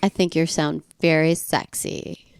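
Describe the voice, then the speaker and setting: A woman co-hosting a comedy podcast, supportive and playful, chiming in with quick agreement. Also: low voice, level tone, creaky, smooth, no room sound, studio quality. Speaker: podcast co-host. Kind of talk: casual comedic chat.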